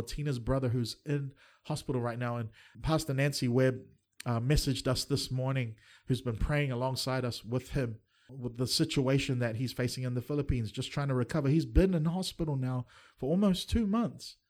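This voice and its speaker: A man's voice: mid-range voice, darkish tone. A middle-aged man preaching a livestreamed sermon, earnest and fervent, with touches of light humor. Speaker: pastor.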